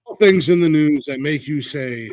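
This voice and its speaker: A man hosting a casual comedy news podcast, relaxed and joking, rambling with fillers. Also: a little high, moderate pace, slight background noise, rough recording. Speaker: podcast host.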